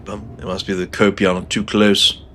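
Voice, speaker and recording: A man's voice: low voice, flat delivery, moderate pace, sharp tone, a little hiss or hum. A man streaming a game live, chatting casually with sarcastic jokes and frequent laughs. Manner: joking, laughs often, sarcastic asides.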